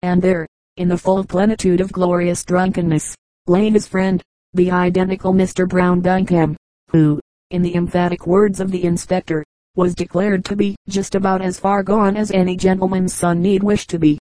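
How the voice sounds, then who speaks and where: A woman reading a classic novel aloud as an audiobook narrator, in a steady, even reading voice. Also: fairly low pitch, moderate pace, dry recording, low-quality recording. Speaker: audiobook reader. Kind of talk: scripted narration.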